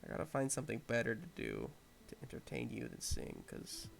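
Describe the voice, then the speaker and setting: A man hosting a casual livestream, muttering quietly to himself as he concentrates on painting a miniature. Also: medium pitch, wildly swooping pitch, brisk, creaky, slight background noise. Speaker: host.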